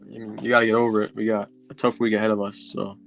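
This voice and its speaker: A young man and basketball player being interviewed, giving short, low-key answers. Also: flat delivery, fast talker, vocal fry, soft background music. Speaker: high school basketball player. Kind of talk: casual chat.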